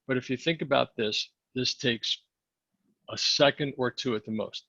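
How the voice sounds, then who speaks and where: Gravelly man coaching with a hoarse voice. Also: medium pitch, moderate pace, sharp tone, no room sound, lo-fi sound. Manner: coaching, asks the group questions. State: losing his voice, clearing throat. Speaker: sales mindset coach. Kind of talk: training session talk.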